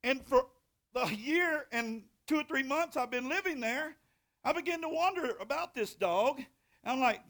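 A pastor, middle-aged, preaching from the pulpit with a notably high voice. He reads scripture slowly and dramatically, then slips into folksy, homespun storytelling with sudden hollering bursts. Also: animated, a bit bright. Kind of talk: sermon. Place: church sanctuary.

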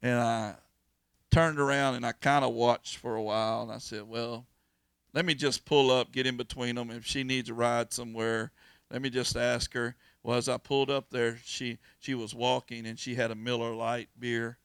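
Guy preaching, gravelly voice, dry close sound, folksy and earnest, telling a story. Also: medium pitch, level tone, normal speed, a bit bright, dry recording. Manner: folksy, earnest, repeats words and restarts. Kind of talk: informal storytelling sermon.

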